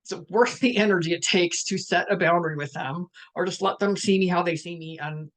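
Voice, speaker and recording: Reflective woman hosting a live talk. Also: on the low side. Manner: reflective, musing, many restarts and pauses; quotes family conversations in lively voices. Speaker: spiritual empath host.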